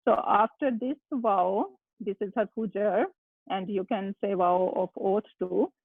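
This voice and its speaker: An Arabic teacher, giving slow, halting explanations in an online class. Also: mid-range voice, vocal fry, no room sound. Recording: tinny phone-line sound, dry.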